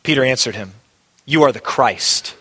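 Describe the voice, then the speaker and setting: A man's voice: medium pitch, normal speed, bright, forceful tone, husky. A male pastor preaching a sermon, emphatic and repeating key phrases for weight. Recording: long hall reverb.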